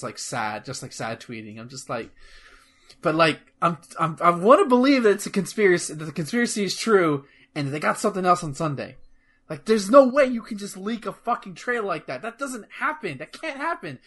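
A man chatting casually about gaming news on a podcast, rambling and excitable, swearing freely. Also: on the high side. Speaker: podcast co-host.

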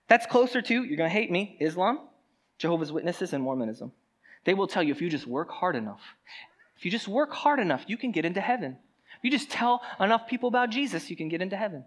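A preacher delivering a sermon in an easy, talkative way, mixing plain teaching with joking asides. The voice rises and falls a great deal, lively and expressive throughout. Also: mid-range voice. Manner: conversational and animated, with joking asides. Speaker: pastor.

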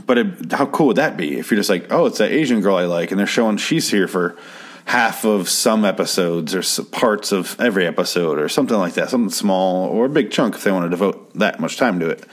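With a deep voice and brisk pace, a man rambles through a sarcastic recap of a TV episode, swearing freely in a casual, profane way.

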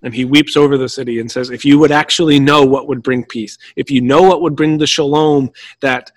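A man preaching a teaching sermon in an earnest way, often restarting his sentences and slowing down for quoted scripture. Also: medium pitch, steady tone, no room sound. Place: room at home.

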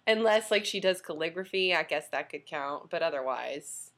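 A woman co-hosting a podcast, chatting casually and playfully, quick to laugh and fond of quirky expressions. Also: deep voice, expressive, a bit bright. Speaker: podcast co-host. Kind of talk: casual chat about a TV show.

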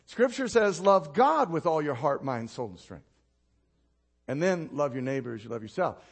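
A male pastor preaching a sermon who tells stories with animation, laughs at his own anecdotes, drops low and quiet to land a point, and asks the congregation for responses. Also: animated, moderate pace, vocal fry, husky.

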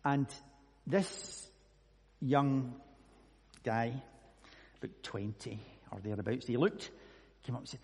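A man's voice: mid-range voice, takes it slowly, pauses often, darkish tone, husky, long reverb tail. A Scottish man preaching a sermon, telling a personal story earnestly and reading scripture. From Scotland.

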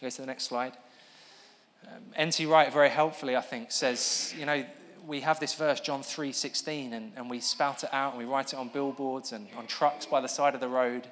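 A man preaches a sermon in an earnest, explanatory way, talking to the room and sometimes restarting his sentences. His voice sits at a middle pitch for a man. It rings out with long reverb in a large hall. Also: fairly even intonation, normal speed, a bit bright. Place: church hall with an audience.

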